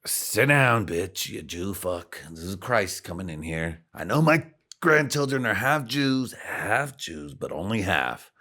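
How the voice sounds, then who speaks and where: A man impersonating a boastful older politician, bragging in a pompous, drawn-out way. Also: low-pitched, sing-song, sharp tone, full character voice. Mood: scolding.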